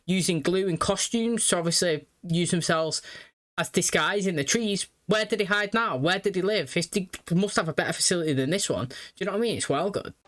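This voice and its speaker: A man's voice: sits high, fairly quick, a bit bright. A young man hosting a reaction video, chatty and rambling. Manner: rambling, chatty, repeats "you know what I mean". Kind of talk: casual commentary.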